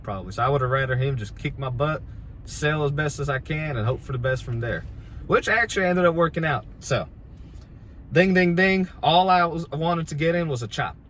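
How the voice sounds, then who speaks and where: A man's voice: fairly high pitch, fairly bright tone, slight background noise. A man, a pro wrestler, casually telling a story about his career in a laid-back, self-deprecating, rambling way.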